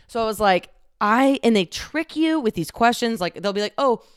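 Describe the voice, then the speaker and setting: A twenty-something woman from the Dallas-Fort Worth area, Texas, hosts a casual solo podcast, speaking candidly with lots of "like" fillers and some swearing. Her voice is on the high side, expressive, clean-toned and at normal speed. It's recorded on a close studio microphone at studio quality, with no echo.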